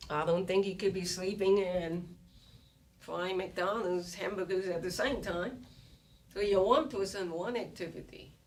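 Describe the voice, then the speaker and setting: A woman's voice: lowish voice, steady tone, measured pace, a little mellow. Woman lecturing from a distant mic. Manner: explanatory, poses rhetorical questions, plays students' voices. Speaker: economics lecturer. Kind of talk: recorded lecture. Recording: distant mic with faint room ambience.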